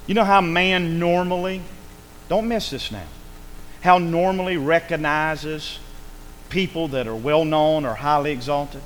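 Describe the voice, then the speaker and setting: Man, preacher, sermon, emphatic, slightly high voice, faint background hum. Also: fairly even intonation, a little slow, poor audio. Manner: emphatic, swings between loud calls and hushed lines, asks the congregation for amens.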